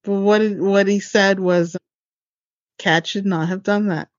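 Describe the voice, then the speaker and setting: A co-host on a podcast, chatting casually and reacting in a low-key way. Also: steady tone, measured pace, dry recording. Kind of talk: casual chat. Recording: dull lo-fi sound.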